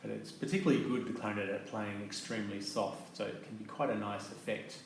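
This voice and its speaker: A man explaining clarinet techniques in a calm, methodical teaching manner, with soft fillers between his points. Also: fairly low pitch, quick pace. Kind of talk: instructional demonstration. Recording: very echoey room with faint noise.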